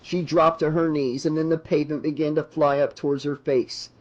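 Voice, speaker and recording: A man's voice: fairly high pitch, flat delivery, muffled recording. Man narrating a horror audiobook. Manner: measured dramatic narration. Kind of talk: unabridged horror novel reading.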